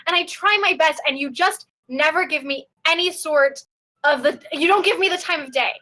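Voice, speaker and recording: A woman voicing an exasperated young secretary, high and bright, who unloads her grievances in a rush. She talks in a ranting, stammering way, with a clear, bright tone. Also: moderate pace, low-quality recording. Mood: indignant. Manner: ranting, then stammering in apology. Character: fed-up young female office secretary, proud and bitter.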